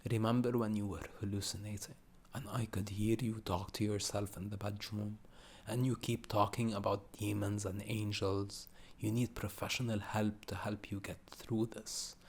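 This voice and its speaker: A man's voice: fairly low pitch, flat delivery, normal speed, breathy edge. A man reading a novel aloud as an audiobook, voicing every character in much the same plain way. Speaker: audiobook reader.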